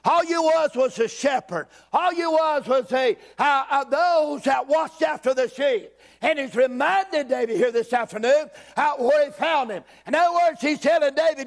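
Very high-voiced preacher guy, fiery, keeps hollering and repeating himself. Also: normal speed, gravelly. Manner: fervent, repetitive, often shouting. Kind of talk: sermon.

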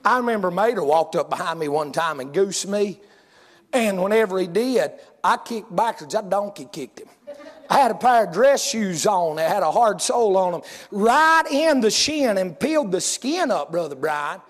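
A male preacher with a strikingly high-pitched voice. He tells homespun stories to his congregation in a folksy way and works up to loud hollering. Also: animated, normal speed, in a large hall. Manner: folksy storytelling, rising to hollering. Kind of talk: sermon.

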